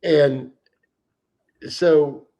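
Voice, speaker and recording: Man, livestream host, fairly high voice, casual profane storytelling, animated. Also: drawn-out words, muffled recording. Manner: animated, profane anecdote-telling.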